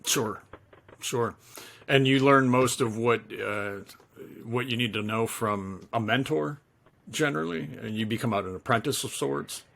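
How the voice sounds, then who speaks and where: A man's voice: medium pitch, measured pace, vocal fry, a bit bright. A man hosting an interview, asking casual questions and giving short affirmations. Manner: brief affirmations, friendly prompts. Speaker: interviewer, host.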